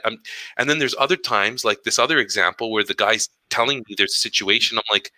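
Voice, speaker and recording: Male podcast co-host, middle-aged, lowish pitch, very bright tone, lively storyteller. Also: brisk, no echo, poor audio. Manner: animated storytelling, acts out quoted dialogue. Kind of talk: casual chat.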